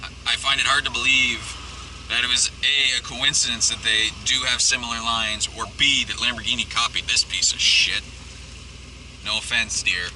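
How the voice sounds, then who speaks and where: A man's voice: medium pitch, steady tone, moderate pace, sharp tone. A young man casually vlogging while driving, rambling and swearing with a self-mocking edge. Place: inside a moving car. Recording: far from the mic, clear road noise. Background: engine and traffic noise.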